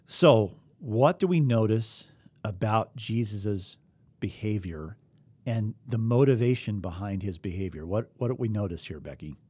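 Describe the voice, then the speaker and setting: A man's voice: fairly low pitch, lively intonation, a little slow, darkish tone, breathy edge, no echo. A man teaching a bible study, reading scripture aloud and asking his listeners earnest, emphatic questions.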